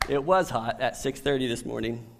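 A middle-aged man preaching a sermon as a pastor, telling stories with animation and swinging from soft to loud. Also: mid-range voice, gravelly.

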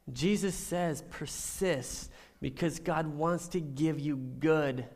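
A middle-aged man preaching a sermon as a pastor, telling stories with animation and swinging from soft to loud. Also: a little high.

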